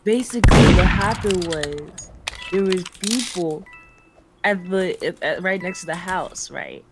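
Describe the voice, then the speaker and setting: A woman guest on a live stream telling a rambling, halting story and acting out what people said. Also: fairly low pitch, over music. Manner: rambling, halting storyteller who acts out quoted lines. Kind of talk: casual storytelling.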